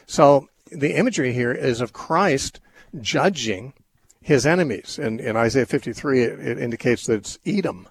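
Husky male radio Bible-talk host. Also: mid-range voice, lively intonation, moderate pace. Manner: thoughtful, rambling with many restarts and fillers. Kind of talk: unscripted call-in Bible answers.

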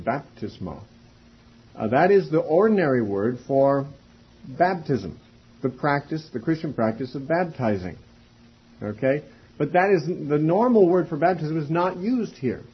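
A man teaching a Bible class in a methodical way, spelling out words and pausing often. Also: a little high, breathy edge. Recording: dull lo-fi recording.

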